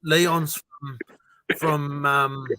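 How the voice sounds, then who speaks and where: A man's voice: on the high side, flat delivery, drawn-out words, sharp tone, no room sound. An Australian man hosting a casual livestream chat, rambling and hesitant with many ums. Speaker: livestream host.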